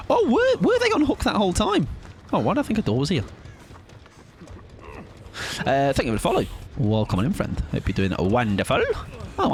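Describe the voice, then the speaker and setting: A British man streams a game live, rambling and joking in casual chat with his viewers. His voice is medium-pitched, and there's a slight hiss or hum in the audio.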